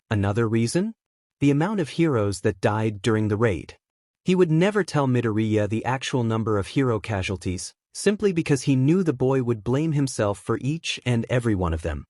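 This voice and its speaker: Man narrating fanfiction with lively pitch. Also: dry recording, clean studio sound. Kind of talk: fanfiction reading.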